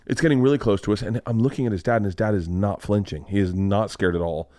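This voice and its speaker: A man's voice: fairly low pitch, fast, dark tone, no echo, studio quality. A man hosting a podcast, telling rambling, profane stories in casual chat. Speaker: podcast host.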